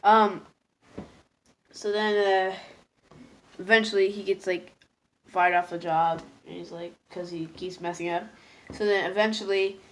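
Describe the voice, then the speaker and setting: A woman's voice: mid-range voice, fairly even intonation, measured pace, long pauses, a bit bright. Rambling woman reviewing episodes. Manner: rambling, hesitant, many fillers; easily moved, laughing at herself. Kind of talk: casual spoken review.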